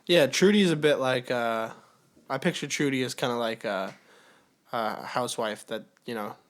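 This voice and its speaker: Brief: man, mid-pitched, teasing co-host, quick deadpan jokes. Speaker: podcast co-host. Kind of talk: casual chat.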